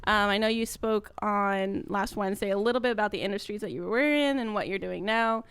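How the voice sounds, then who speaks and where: A friendly woman co-hosts a casual podcast, chatty and loose with her fillers. Her voice is smooth and resonant at a middle pitch, in a dry close recording. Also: fairly quick, a bit bright, no echo. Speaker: podcast co-host. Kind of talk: casual chat.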